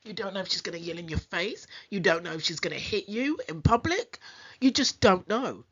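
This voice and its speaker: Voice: mid-range voice, lively intonation, brisk, fairly bright tone, breathy edge, lo-fi sound. A commentator cutting in with sarcastic, mocking remarks. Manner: mocking, emphatic.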